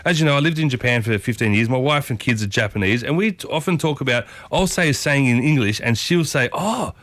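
A man's voice: mid-range voice, animated, fairly quick, a bit bright, dry recording. A man hosting a breakfast radio show in a studio, chatting casually to listeners and repeating pet phrases. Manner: chatty, repeats "I'll tell you what", addresses listeners as folks. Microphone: studio microphone.

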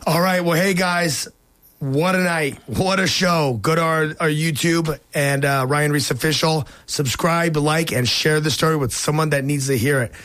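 A man's voice: fairly high pitch, fairly even intonation, normal speed, a bit bright, dry recording. A man hosting a talk show, a pastor who reacts eagerly to his guest and wraps up with a short preachy message. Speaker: host and pastor. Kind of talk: casual talk show chat.

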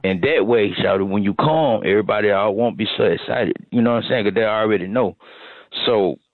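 A man's voice: on the low side, brisk, no room sound. Rambling man on a tinny phone line. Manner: rambling, repetitive storyteller. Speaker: caller on a radio morning show. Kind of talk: comic phone call bit.

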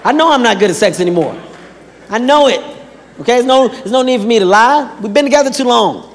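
A man doing stand-up comedy in an animated, conversational way. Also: very high-pitched, brisk, background noise. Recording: stage in a hall with crowd.

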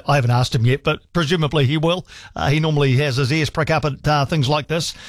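Chatty New Zealand talkback host. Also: male voice, fairly high pitch, fairly even intonation, brisk, no room sound. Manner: chatty, reads listener emails aloud. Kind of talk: talkback radio. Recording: dry studio sound with faint music.

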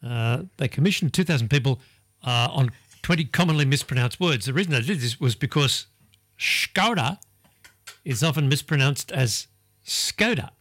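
A man co-hosting a radio show, chatting casually, laughing often and sounding words out slowly. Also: medium pitch, fairly bright tone. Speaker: radio host.

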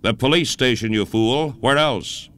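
A man's voice: mid-range voice, measured pace, a bit bright, clean tone, close to an everyday voice. A male narrator voicing an imperious, swindling older army captain who snaps curt commands.

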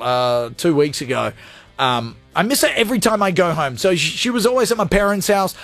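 High-voiced energetic radio host. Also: male voice. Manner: energetic, rants loudly, then goes soft and heartfelt. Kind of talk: call-in radio segment.

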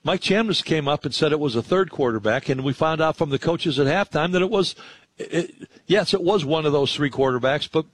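A man's voice: fairly high pitch, expressive, a little fast, a little hiss or hum. A man hosting sports radio, chatting in a friendly, rambling way about the local games. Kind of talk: casual sports radio talk.

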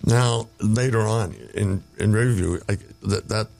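A man's voice: on the low side, unhurried, vocal fry, a little mellow. An older man, telling rambling stories as an interview guest, with chuckles and restarts. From Canada. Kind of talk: casual storytelling interview.

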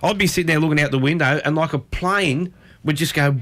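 A man's voice: a little high, fairly quick, a bit bright. Rambling Australian man on radio. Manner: rambling, filler-heavy storytelling. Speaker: radio host. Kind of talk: casual radio chat.

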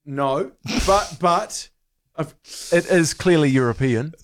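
Upbeat New Zealand breakfast radio host. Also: male voice, on the high side, takes it slowly, dry recording. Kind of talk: casual radio banter. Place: radio studio. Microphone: studio microphone.

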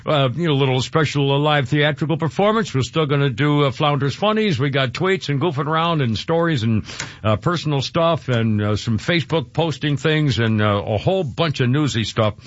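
A man's voice: fairly high pitch, a little fast, no room sound, lo-fi sound. A man hosting a talk radio show, emotional and rambling, often choked up and restarting his sentences.

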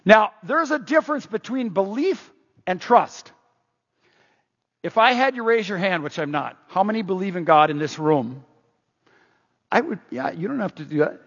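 A man preaching a sermon as pastor, animated, quoting scripture aloud. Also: high-pitched, moderate pace, long pauses, husky. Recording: roomy hall, dull lo-fi sound.

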